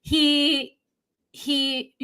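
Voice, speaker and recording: A woman's voice: high-pitched, little pitch movement, extremely slow, sharp tone. A woman therapist chatting on a podcast, giving emphatic, analytical takes on a reality show couple. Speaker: therapist guest. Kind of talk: casual podcast chat.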